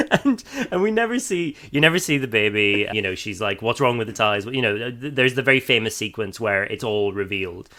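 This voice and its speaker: A man's voice: fairly low pitch, expressive, normal speed, sharp tone. An Irish man co-hosting a podcast, chatting loosely about a film, laughing often and restarting his sentences. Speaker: podcast co-host. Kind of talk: casual film discussion.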